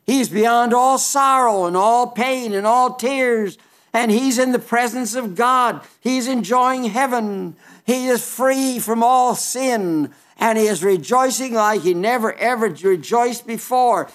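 A man preaching a sermon, emphatic and folksy, quoting scripture in King James wording and dropping into low, wry asides. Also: slow pace, fairly bright tone.

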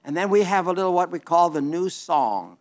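A man's voice: high-pitched, animated, fairly quick. A man preaching on television in a folksy, earnest, plainspoken way, reading viewer letters and asking for support.

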